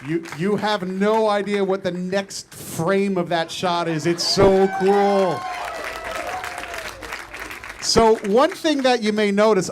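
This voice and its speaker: A man's voice: sits high, background noise. An American man hosting an onstage interview, asking rambling, joking questions. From United States. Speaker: interviewer host.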